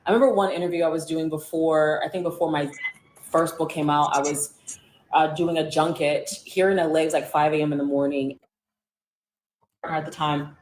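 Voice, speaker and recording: A woman's voice: deep voice, steady tone, normal speed, a little mellow, a little hiss or hum. Blunt, sarcastic woman in an echoey room. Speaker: media personality and author. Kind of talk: candid interview storytelling.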